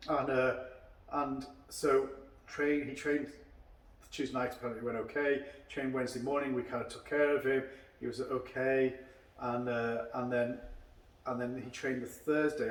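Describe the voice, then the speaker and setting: A man hosts a relaxed chat over drinks and winds through long stories, voicing the people in them as he goes. His voice sits in the middle of the male range. It echoes around the room and sounds set back from the mic. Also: medium pitch, moderate pace, distant mic. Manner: long rambling anecdotes, acting out quoted dialogue. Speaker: karate instructor and podcast host. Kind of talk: casual chat over a beer.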